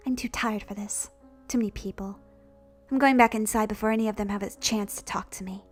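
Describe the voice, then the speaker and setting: Woman doing a weary young woman, low hushed voice, tired manner, soft music behind. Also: fairly even intonation, fairly quick, natural voice. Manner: low, soft, half-whispered and world-weary.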